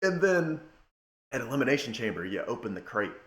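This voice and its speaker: A young man giving a casual rant to camera, emphatic, swinging between loud outbursts and low muttering. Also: sing-song, brisk, roomy sound. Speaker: wrestling commentator.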